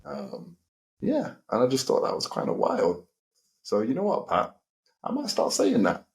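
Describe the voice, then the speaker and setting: A young man telling a basketball story in casual podcast chat, animated and slangy. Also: mid-range voice, unhurried, vocal fry. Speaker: podcast co-host, basketball player.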